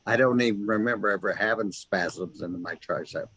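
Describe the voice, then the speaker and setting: A man with a lowish voice hosts a casual interview, telling stories in an animated, chatty way and often restarting his sentences. The sound is dry and close, with no room echo. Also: normal speed, husky. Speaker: host.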